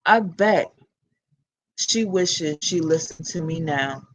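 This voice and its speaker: Slow-talking blunt New York woman. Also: sits low, fairly bright tone, lo-fi sound. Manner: blunt, slangy and candid. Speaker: channel host. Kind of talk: casual commentary vlog.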